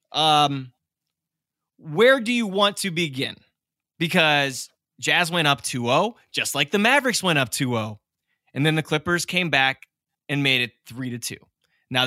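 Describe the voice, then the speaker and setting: Bright-voiced animated man hosting podcast. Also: fairly high pitch, no echo, clean studio sound. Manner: animated, opinionated, laughs often. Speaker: podcast host. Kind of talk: casual sports podcast chat.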